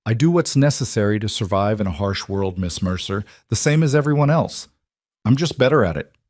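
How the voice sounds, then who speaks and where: A man reading a cold, smooth villain boss. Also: on the low side, animated, fairly quick, darkish tone, dry recording, studio quality. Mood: menacing. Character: cold, calculating male villain mine boss.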